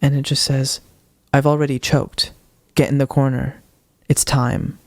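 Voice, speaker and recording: A young man on a podcast, retelling a ghost-hunting video with animated quoted voices in casual storytelling. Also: mid-range voice, measured pace, gravelly, no room sound. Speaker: podcast co-host.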